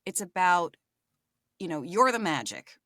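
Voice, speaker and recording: A woman mentoring voice actors in a casual chat, animated and acting out quick examples. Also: on the low side, no room sound, clean studio sound.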